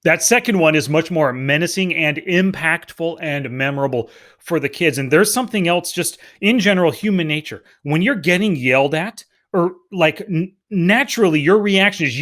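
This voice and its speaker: A middle-aged man in casual podcast talk, with a voice a little higher than most men's. He speaks earnestly, working through practical life lessons. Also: animated, normal speed, fairly bright tone. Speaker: podcast co-host.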